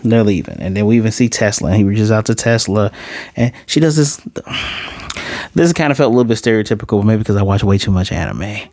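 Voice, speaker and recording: Low-voiced man rambling through a review. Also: a little fast, a little mellow, no room sound, studio quality. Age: 30s. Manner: rambling, self-correcting, chatty asides. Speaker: anime reviewer. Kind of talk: casual spoken review.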